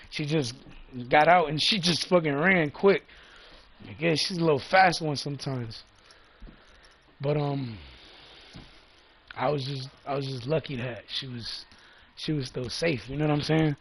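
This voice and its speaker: Casual vlogger man, gravelly and slightly high-pitched, rambling and profane. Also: moderate pace, pauses often. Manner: loose, profane, repeats himself. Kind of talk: casual storytelling.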